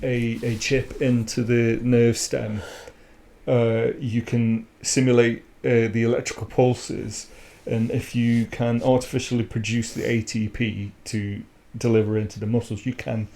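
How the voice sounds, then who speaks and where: A man's voice: mid-range voice, flat delivery, measured pace, mellow. A young man with a West Country English accent co-hosting a casual podcast, laughing often and explaining things with many hesitations. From West Country of England. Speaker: podcast co-host. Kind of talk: casual chat.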